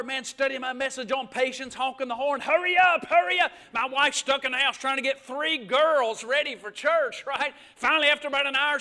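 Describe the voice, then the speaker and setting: Preacher, middle-aged man, very high bright voice, emphatic storytelling sermon style. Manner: storytelling, emphatic, call-and-response. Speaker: guest preacher. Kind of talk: live sermon. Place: church sanctuary.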